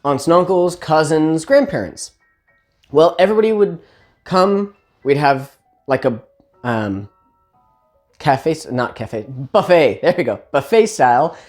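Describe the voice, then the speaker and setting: A woman telling a family story in a chatty, casual way, pitched a little low. Her delivery swings widely up and down, with lively asides and self-corrections. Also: measured pace, long pauses, faint music behind.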